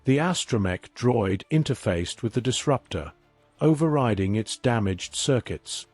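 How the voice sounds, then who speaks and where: Male narrator, scripted storytelling, unhurried, dry close sound. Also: medium pitch, dry recording, faint music behind. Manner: measured, even storytelling read.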